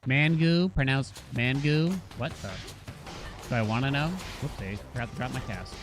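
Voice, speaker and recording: Boston guy streaming a game, jokey rambling chat, swears a lot, mid voice, game music loud behind. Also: mid-range voice, moderate pace. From Massachusetts. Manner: joking, rambling, swears freely. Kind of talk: casual gameplay chat with viewers.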